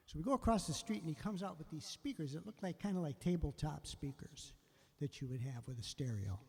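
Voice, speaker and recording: A man's voice: fairly high pitch, a little fast, gravelly, slightly rough, long reverb tail. An older man, a musician host, telling a rambling story casually, breaking off and voicing the people he quotes. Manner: rambling, self-interrupting, quotes others in lively voices.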